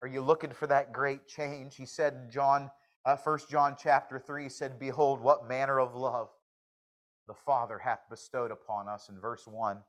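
A man preaching a sermon in a folksy, joking manner, swinging from hushed confession to loud exclamations. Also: medium pitch, flat delivery, moderate pace, rough recording. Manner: shifts from hushed to shouting.

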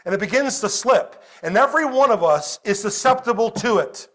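A man preaching a sermon as a pastor at a church service, animated, moving between loud exclamations and quiet storytelling. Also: high voice, a little fast.

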